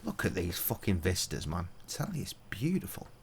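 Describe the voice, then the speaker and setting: An English man in his thirties, streaming a game with sweary, jokey commentary and sudden loud outbursts. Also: deep voice, sing-song, a little fast, creaky, slight background noise. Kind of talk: casual gaming commentary.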